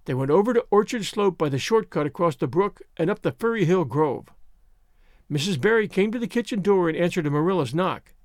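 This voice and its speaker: Lively, high-voiced male storyteller. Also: brisk, dry recording, clean studio sound. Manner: expressive, storytelling. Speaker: audiobook narrator. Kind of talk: scripted narration.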